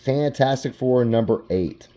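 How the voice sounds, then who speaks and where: A man hosting a casual collection vlog, relaxed and rambling, with lots of "like". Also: medium pitch, a little slow. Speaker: comic book collector.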